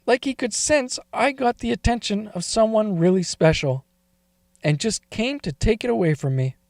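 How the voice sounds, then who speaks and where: A man's voice: high-pitched, lively intonation, normal speed, dry recording, studio quality. A man telling a first-person confessional story in a confiding, emotional way that wavers toward tears.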